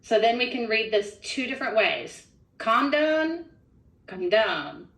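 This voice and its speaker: A woman's voice: on the high side, normal speed, fairly bright tone. Woman teacher walking thru phonics steps, echoey room, a bit far from the mic. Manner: methodical step-by-step explaining. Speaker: literacy trainer. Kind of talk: modeling a phonics lesson.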